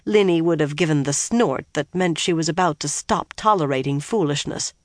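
Reading a fantasy novel aloud, the audiobook narrator keeps an even, steady, unhurried pace. The booth is completely dry with no echo, and the voice sits in the middle of the pitch range.

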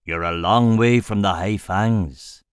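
A hulking shaman lord with a low, rumbling voice, as a male narrator puts him on. He speaks in a formal, menacing growl, deep and unhurried. The sound is dry and close, with no room around it. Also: clean tone, no room sound.

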